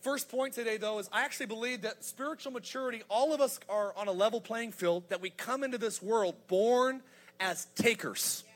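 A man in his thirties preaching a sermon as pastor, energetic and humorous, building to emphatic points. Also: extremely high pitch. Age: 30s.

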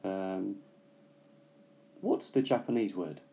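Slow, low-voiced man teaching. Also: vocal fry, warm tone. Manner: slow, thoughtful, with many pauses and fillers. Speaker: English teacher. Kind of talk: casual bilingual language lesson.

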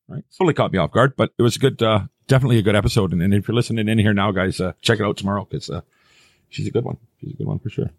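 Fast-talking husky man, podcast host. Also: lowish voice, no echo, studio quality. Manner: loose, rambling storytelling with swearing. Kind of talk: casual podcast chat.

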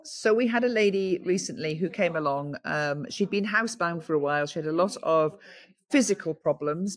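A woman guest chatting in a lively, storytelling way, acting out the voices of people in her stories. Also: deep voice. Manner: animated storyteller, acts out quoted voices. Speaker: guest, founder of a cold water swimming group. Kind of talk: lively anecdotal conversation.

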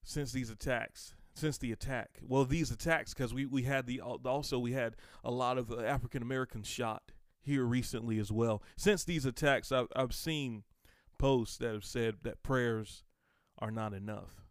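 Guy preaching a podcast sermon, fired up, repeats stuff, gets loud, dry close mic. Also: medium pitch, fairly even intonation, normal speed, clear, resonant tone, dry recording. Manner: fervent, swells to emphatic outbursts, repeats himself.

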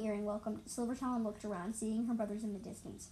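A woman's voice: fairly high pitch, normal speed, a little mellow, slight background noise, poor audio. Woman reading a story with stumbles. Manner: stumbles and restarts, corrects herself aloud. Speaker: story reader. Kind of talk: reading her own fan story aloud.

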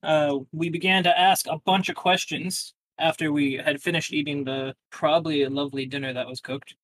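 A man casually recapping a tabletop game session, rambling and slipping into quick quoted lines. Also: fairly high pitch, steady tone, a bit bright, dry recording, rough recording.

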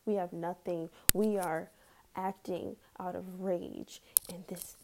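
A woman's voice: fairly low pitch, flat delivery, takes it slowly, gravelly, background noise. A woman ranting heatedly in a casual vlog, swearing often and breaking into nervous laughs.

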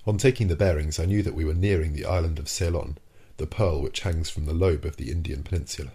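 A man reading a first-person classic novel aloud in a measured, formal way. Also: low voice, dark tone, breathy edge. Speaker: audiobook narrator. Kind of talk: first-person audiobook narration.

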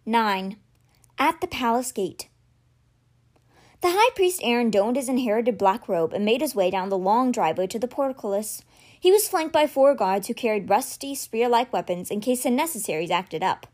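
A woman reading a novel aloud, shifting her voice for the dialogue. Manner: expressive, shifts pitch for dialogue. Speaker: audiobook reader.

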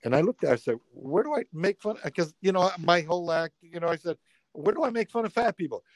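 A man, a comedian guest, telling a story in casual chat, acting out the quotes and building loudly to punchlines. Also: high voice, lively intonation, fast talker, dry recording.

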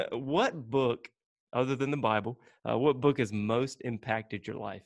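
A man hosting a casual church interview, asking rapid-fire questions with a joking manner and frequent laughs. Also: mid-range voice, dry recording, studio quality. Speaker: church podcast host.

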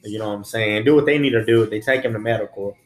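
A man's voice: fairly low pitch, fast talker. A man, a former prison officer, telling a story in casual, blunt, profane street slang. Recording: roomy echo, faint music.

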